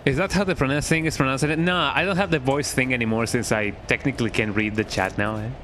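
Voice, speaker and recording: A man's voice: medium pitch, fast, a bit bright, slight background noise. A man streaming a horror game, chatting to his viewers in a rambling, jokey way and often ending his lines with "eh". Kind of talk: casual gameplay chat.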